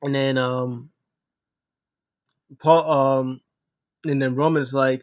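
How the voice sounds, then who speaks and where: A man's voice: medium pitch, level tone, takes it slowly, long pauses. A man casually recapping a wrestling match move by move, rambling with lots of uh fillers and restarts. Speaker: wrestling show reviewer.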